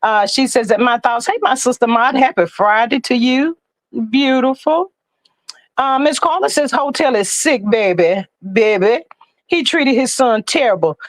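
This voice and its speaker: A woman hosting a casual livestream, greeting viewers and reading their comments aloud in a lively, chatty way. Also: high voice, no echo, poor audio. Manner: lively and chatty, with Southern American slang. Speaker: livestream host.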